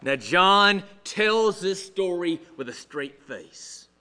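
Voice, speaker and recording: Male pastor preaching, high bright voice, animated, goes hushed sometimes. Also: slow. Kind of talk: sermon with humorous storytelling.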